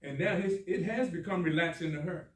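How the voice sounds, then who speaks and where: A man's voice: high-pitched, fairly quick. A man from the audience chatting casually about his evening, easygoing and rambling. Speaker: audience member. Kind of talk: casual chat. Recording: echoey hall, far from the mic, faint noise.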